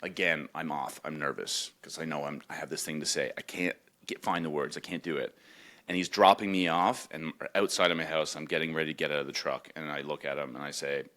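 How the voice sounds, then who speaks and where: A young man from Newfoundland, co-hosting a podcast, tells a personal story in casual, emotional chat and sometimes jumps high to mimic his mother. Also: fairly even intonation, a little fast, fairly bright tone. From Newfoundland, Canada. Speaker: podcast co-host.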